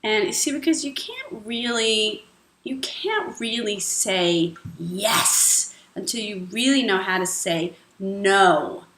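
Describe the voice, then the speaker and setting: Woman host, advice vlog, playful and blunt, slow-paced, echoey room with faint music. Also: mid-range voice, lively intonation, fairly bright tone, slight background noise.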